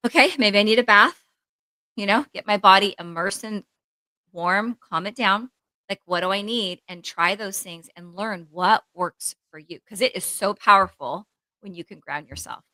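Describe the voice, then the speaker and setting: A bright, forceful woman's voice in a casual podcast chat, rambling and animated, with plenty of "like" as she acts out her own inner voice. She speaks as a therapist, and the sound is close and dry, with no room in it. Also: medium pitch, moderate pace, no room sound, rough recording. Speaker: therapist co-host.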